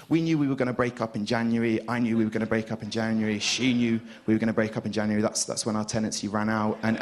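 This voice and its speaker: A young man doing a stand-up set on a club stage, rambling and hesitant with lots of restarts. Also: medium pitch. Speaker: stand-up comedian.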